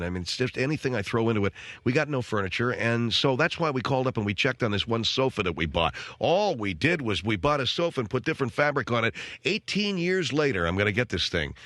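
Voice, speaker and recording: A man ranting through a comic monologue on his radio show, sarcastic and mocking himself. His voice jumps all over the place in pitch as he riffs. It is recorded close on a studio microphone with a dry, dead sound. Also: fairly bright tone, no room sound. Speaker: radio talk show host.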